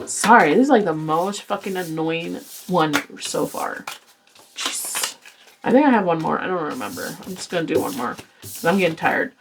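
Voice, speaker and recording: A woman's voice: on the low side, noisy background. Blunt, exasperated woman tarot reader. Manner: blunt, exasperated, swears often, lectures viewers. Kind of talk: casual tarot reading to camera.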